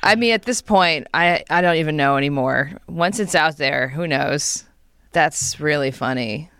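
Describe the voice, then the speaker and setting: A young woman co-hosting a podcast, chatting casually and telling animated stories, acting out quotes with quick laughs. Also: deep voice, clear, resonant tone, no room sound, clean studio sound. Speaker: podcast co-host. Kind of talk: casual chat.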